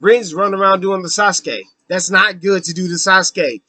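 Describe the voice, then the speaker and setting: A man's voice: sits high, fairly even intonation, normal speed, pushed and bright, faint music behind. A man giving a casual, unscripted book review, ranting and swearing, with lots of fillers. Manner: ranting, profane, with frequent fillers.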